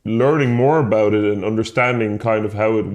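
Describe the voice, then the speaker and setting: Low-voiced man, hesitant podcast chat. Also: fairly quick, darkish tone. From Netherlands. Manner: hesitant, many restarts and self-corrections. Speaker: podcast co-host. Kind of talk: casual conversation.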